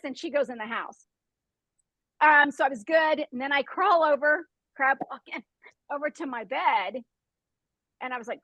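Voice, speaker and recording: A high-pitched woman hosts a group conversation and tells a story with animated energy, often laughing and acting out the noises. Her voice sounds dry and close, with no room echo. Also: moderate pace. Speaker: host.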